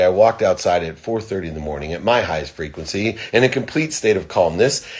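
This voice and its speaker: A middle-aged man giving an earnest motivational talk, telling a personal story and swinging between emphatic and hushed delivery. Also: sits low. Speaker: motivational speaker.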